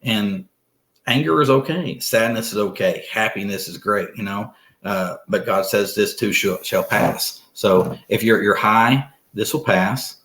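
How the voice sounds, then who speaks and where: A man's voice: lowish voice, unhurried, fairly bright tone. A middle-aged man talking earnestly as a podcast guest, rambling and restarting his sentences. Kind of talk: casual conversation.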